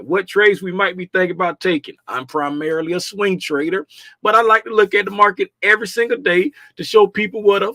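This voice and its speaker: A man's voice: high-pitched, pushed and bright, no echo, clean studio sound. A man from Florida hosting a daily trading livestream, chatting casually and playfully in slang and greeting viewers by name. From Florida, USA.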